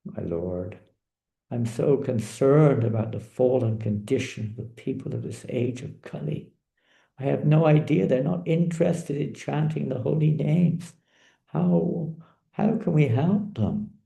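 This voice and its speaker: A troubled old sage speaks anxiously and heavily, his voice a little raised and gravelly. A man acts him out in a sermon's story. The room adds a noticeable echo. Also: medium pitch, a little slow, dark tone. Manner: anxious, downcast. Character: Narada, a worried old sage.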